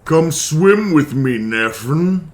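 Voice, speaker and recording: A man voicing a spoiled little demon boy, a prince of Hell, in a high, sing-song childish whine. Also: lively intonation, slow pace. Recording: echoey room with faint noise.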